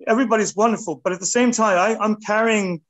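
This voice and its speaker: A man in his fifties chats as an interview guest, rambling and self-deprecating. His voice sits a little high for a man. He gets animated as he talks. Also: quick pace, poor audio. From United States. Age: 50s. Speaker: artist guest. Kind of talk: casual interview chat.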